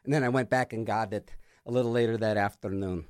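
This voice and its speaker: A man's voice: on the low side, fairly even intonation, fast, a little mellow, dry recording. A middle-aged man hosting a radio music show in a studio, talking in a rambling, jokey, sarcastic way. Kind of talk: casual rambling radio chat. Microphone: studio microphone.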